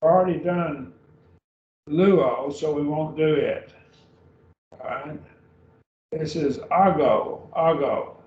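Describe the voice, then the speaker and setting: A man teaching a beginning Greek grammar class, slowly repeating each word several times. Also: on the high side. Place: classroom or church room. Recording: echoey room, dull lo-fi sound.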